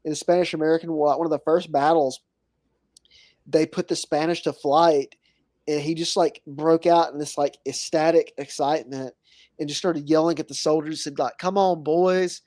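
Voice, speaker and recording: A man's voice: a little high, flat delivery, moderate pace, a little mellow, no echo. A man talking as a podcast guest in casual chat, rambling with many fillers.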